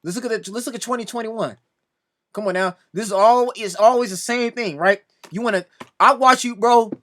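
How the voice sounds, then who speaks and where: Man, high and sharp-toned, casual reaction commentary, exasperated and repetitive. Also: moderate pace. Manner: exasperated, repeatedly pleading "come on now"; addresses another commentator directly. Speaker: sports reaction video host.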